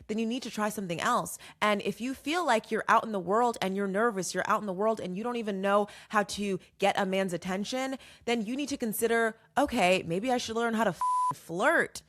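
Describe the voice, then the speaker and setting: A young woman hosting a podcast, giving casual dating advice in an animated, emphatic way and repeating points for effect. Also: medium pitch. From New York. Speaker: podcast host.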